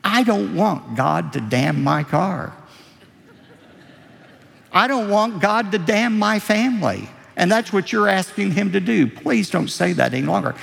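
Earnest male pastor, polite but firm, raised gravelly voice, older male preacher quoting him. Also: sits high, lively intonation, measured pace, fairly bright tone, pitched above the performer's own voice, exaggerated voice. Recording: long reverb of a large hall.

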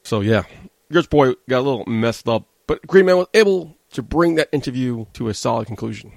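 A man's voice: medium pitch, lively intonation, fairly quick, vocal fry, no room sound. A man hosting a wrestling podcast, narrating clips in a casual, self-mocking way. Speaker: podcast host.

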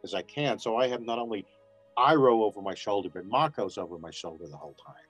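A man's voice: on the low side, quick pace, slightly rough, soft background music. A man, a voice actor guest on an interview, telling stories casually and acting out what people said. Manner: animated storyteller acting out quotes.

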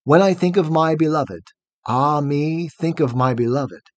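A man's voice: a little high, a little slow, no room sound, lightly acted. A man reading a tender lovelorn maiden. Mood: longing. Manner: soft, tender, wistful. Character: young maiden lamenting her departed lover.

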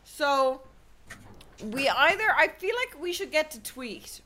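A high-pitched woman streamer chats and teases her friends, talking to her chat with sudden loud outbursts. There is clear noise behind her voice. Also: takes it slowly. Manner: teasing, animated, loud outbursts. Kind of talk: casual group chat on stream. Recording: noisy background.

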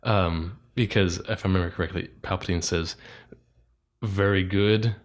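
A man co-hosting a casual chat, telling stories with animated quoted asides. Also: low-pitched, brisk. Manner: animated storytelling, acts out quotes. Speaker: podcast co-host.

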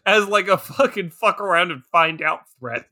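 A man co-hosting a podcast in easygoing chat, with a high, bright voice that swings widely. He gets excitable and breaks into laughter often. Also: normal speed. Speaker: podcast co-host. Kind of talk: casual chat.

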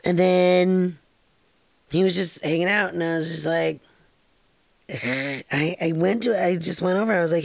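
A woman's voice: fairly low pitch, measured pace, gravelly, pauses often, no echo. A middle-aged woman hosting a podcast, rambling through a personal story in a frank, casual way, with laughter and casual swearing. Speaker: podcast host.

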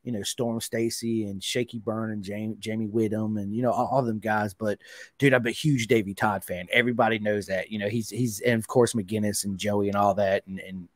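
A man hosting a podcast, chatting casually and excitably, dropping "dude" and "man" throughout. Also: lowish voice, fairly quick, no echo, clean studio sound. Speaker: podcast host. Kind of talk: casual interview chat.

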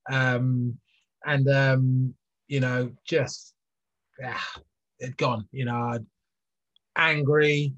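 This middle-aged former athlete talks very slowly, pausing often, in a fairly bright, medium-pitched voice with little pitch movement. As an interview guest he shares his story earnestly and openly, with many fillers and restarts, on a dull lo-fi recording.

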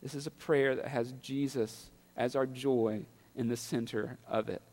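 A man preaching a sermon, building to loud, impassioned peaks. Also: mid-range voice, fairly even intonation, measured pace, big-room sound. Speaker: pastor.

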